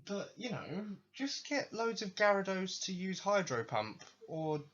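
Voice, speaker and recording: A man's voice: high-pitched, big pitch swings, measured pace, fairly bright tone. Sweary, sarcastic man ranting. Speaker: podcast host. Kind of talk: ranting video game commentary. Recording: dull lo-fi recording.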